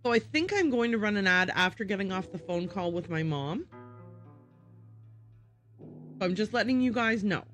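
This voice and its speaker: A woman's voice: mid-range voice, expressive, moderate pace, long pauses, a bit bright, soft background music. A woman streaming a game and chatting casually with her viewers. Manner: chatty, talks to her chat. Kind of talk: casual game livestream chat.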